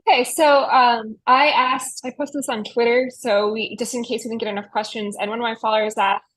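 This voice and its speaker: A woman with a husky, fairly high voice joins the conversation as a panelist over a video call. She speaks a little hesitantly. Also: steady tone, a little fast, fairly bright tone, rough recording. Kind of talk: casual conversation.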